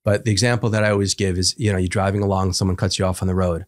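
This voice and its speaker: A man's voice: low-pitched, level tone, rapid-fire. A man who is a psychotherapist, talking in a podcast interview and explaining ideas through everyday examples and rhetorical questions. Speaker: psychotherapist guest.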